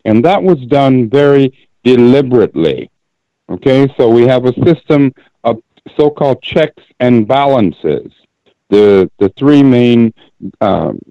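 A man calling in to a talk radio show speaks slowly and deliberately, leaning on key phrases and repeating them for emphasis. His voice is dark and mellow, dry and close, with dull lo-fi call audio. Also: medium pitch, no room sound.

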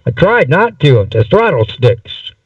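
A man voicing a simple, blunt escaped man who talks in halting bits, in a story he reads aloud. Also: fairly high pitch, very animated, dry recording. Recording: dull, distant mic.

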